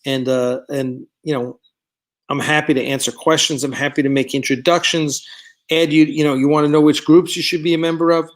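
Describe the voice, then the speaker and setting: A man's voice: a little high, flat delivery, brisk. A man hosting a live stream, chatting casually with viewers in a rambling way, with many fillers, and reading out their comments. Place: studio set of a starship bridge.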